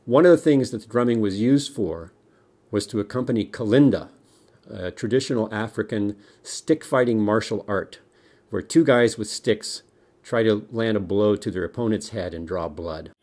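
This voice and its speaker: A middle-aged man from the United States giving a history lesson to children, explaining lively and dropping small jokes. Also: on the low side, normal speed. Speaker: music teacher.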